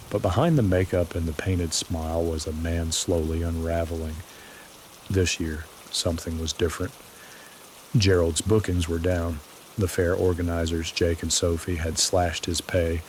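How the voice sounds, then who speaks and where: Man, very deep voice, slow ominous storytelling, bedtime horror narration, faint rain behind. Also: a little hiss or hum.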